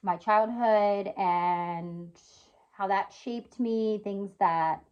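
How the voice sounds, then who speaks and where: A woman's voice: medium pitch, drawn-out words, clear, resonant tone, highs cut off. A woman in her thirties talking earnestly and casually to camera at home, often checking in with "right?" and "you know". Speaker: vlogger. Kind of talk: casual heartfelt talk to camera. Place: at home indoors by a window.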